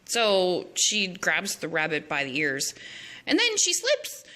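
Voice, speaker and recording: A woman's voice: fairly low pitch, wildly swooping pitch, unhurried, sharp tone. A woman narrating a silly story over her drawings in an offhand, goofy, chatty way.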